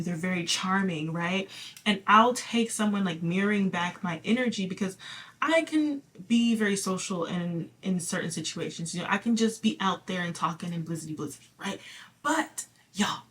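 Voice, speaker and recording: A woman's voice: medium pitch, a bit bright, a little hiss or hum. A woman giving a casual spoken card reading to her viewers, chatty and reassuring, full of fillers and small laughs. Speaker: tarot reader.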